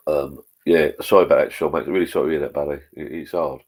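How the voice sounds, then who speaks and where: A man's voice: a bass voice, fairly even intonation, fast talker, hardly any pauses. A middle-aged man hosting a live stream, chatting bluntly with plenty of swearing and reading out viewer comments. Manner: blunt, sweary, rambling pub talk.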